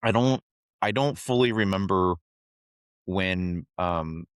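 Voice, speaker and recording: Deep-voiced male podcast host, halting. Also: smooth, dry recording, clean studio sound. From Ohio. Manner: halting, searches for how to phrase questions. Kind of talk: casual interview conversation.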